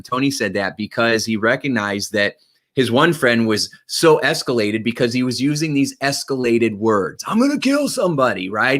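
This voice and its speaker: A male motivational speaker with a bright, forceful voice addresses his viewers. His delivery is energetic and emphatic, and he keeps checking in with quick tag questions. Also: medium pitch. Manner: energetic, emphatic, frequent "right?" and "okay?" check-ins.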